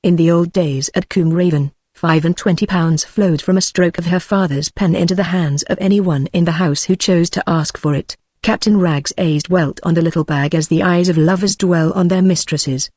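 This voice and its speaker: A text-to-speech woman's voice with a British English accent, reading a classic novel aloud at a steady, measured pace without voicing the characters. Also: fairly low pitch, no room sound, clean studio sound. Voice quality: synthetic, evenly paced. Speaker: audiobook narrator.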